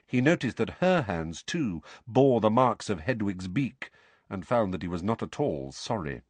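A man narrating an audiobook in a measured, expressive way, close to the mic. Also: fairly low pitch, husky, dry recording. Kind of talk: scripted narration.

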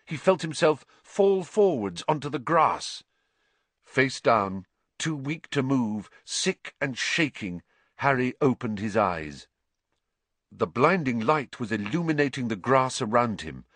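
A man narrating an audiobook in a measured, suspenseful way, dropping low for dark passages. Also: dry recording.

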